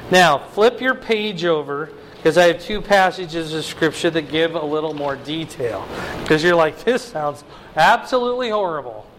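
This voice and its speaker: A man's voice: measured pace, slight background noise, rough recording. A man teaching a Bible lesson as a pastor, reading Scripture aloud and often checking in with his listeners with "okay?" and "right?". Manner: animated, swings pitch high when voicing God's words, checks in with "okay?". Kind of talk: sermon, Bible study teaching.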